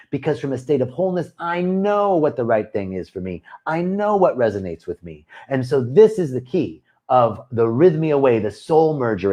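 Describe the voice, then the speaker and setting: A man's voice: medium pitch, dark tone, muffled recording. A man leading a retreat, giving a spiritual talk to a live online audience, earnest and given to repetitive, chant-like phrasing. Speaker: retreat leader and spiritual teacher.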